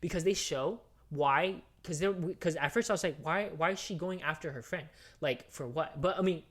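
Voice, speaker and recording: A podcast co-host at a middle pitch who rants through a movie plot in casual chat. The talk wanders and restarts, packed with fillers and curse words. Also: normal speed, fairly bright tone. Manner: rambling, swearing, heated movie recap with many fillers.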